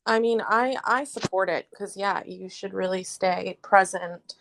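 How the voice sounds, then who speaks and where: A woman's voice: medium pitch, steady tone, unhurried, gravelly, background noise. A woman hosting a casual live audio chat, talking frankly and chattily and laughing easily. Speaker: podcast host.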